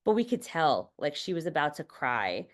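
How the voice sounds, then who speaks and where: A woman's voice: sits low, big pitch swings, moderate pace. A woman chatting casually on a podcast, telling candid family stories, swearing freely and filling her speech with "like" and "you know". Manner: many fillers like "like" and "you know". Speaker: podcast guest. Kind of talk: casual chat.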